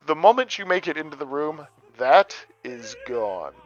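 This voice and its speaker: A man's voice: a little high, sing-song, normal speed. A man from the American Midwest running a tabletop game as game master, narrating loosely with plenty of fillers. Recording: dull lo-fi audio, faint music.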